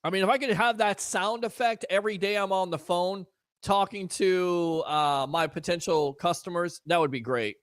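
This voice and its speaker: High-voiced, sarcastic sports talk host man. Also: fairly bright tone, no echo, studio quality. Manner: sarcastic, riffing, chatty with listeners. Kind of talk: casual sports talk show.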